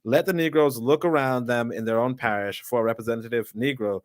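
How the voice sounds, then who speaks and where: A man's voice: medium pitch, fairly quick, no room sound, lightly acted. A man putting on a fiery Jamaican orator. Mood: declaiming. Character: fiery 19th-century male activist orator.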